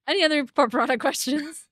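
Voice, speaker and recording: A woman's voice: high voice, a bit bright, dry recording, clean studio sound. A young woman co-hosting a livestream, telling stories in a chatty way and laughing often. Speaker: livestream co-host. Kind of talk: casual livestream chat.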